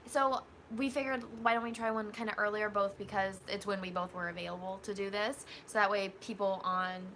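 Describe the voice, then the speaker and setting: A woman's voice: mid-range voice, steady tone, a little fast, fairly bright tone, a little hiss or hum. A tired woman co-hosting a casual live stream chat, talking in an easygoing, chatty way.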